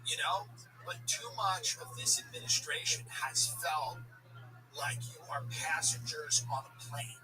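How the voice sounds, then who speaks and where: A podcast host with a fairly high voice riffs sarcastically in a comic rant. He sounds a little distant from the mic. Music plays clearly behind him. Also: unhurried. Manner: sarcastic, riffing with exaggerated put-on quotes. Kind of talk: comedic rant and show intro. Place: borrowed studio.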